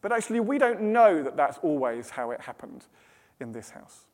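Man, British accent, preacher, sermon, higher pitch, long hall reverb. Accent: British English. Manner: lively storytelling, dropping to hushed dramatic pauses.

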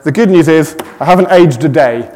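A middle-aged man giving a sermon, with gentle self-deprecating humour. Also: fairly high pitch, a little fast, long reverb tail, slight background noise. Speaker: preacher. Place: church.

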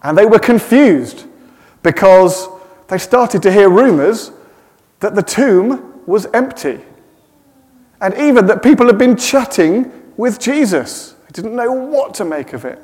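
Preacher in an echoey church hall. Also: male voice, high-pitched, expressive, unhurried. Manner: warm, self-deprecating humour. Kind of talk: sermon.

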